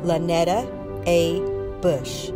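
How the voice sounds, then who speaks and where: Slow woman reading names. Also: on the low side, steady tone, over loud music. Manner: slow, deliberate name reading. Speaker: school counselor.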